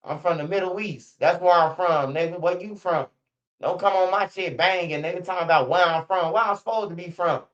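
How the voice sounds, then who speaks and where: A man on a live stream, telling stories and commenting in a profane, animated way. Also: high-pitched, a little fast. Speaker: streamer commenting on street news. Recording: dull lo-fi stream audio.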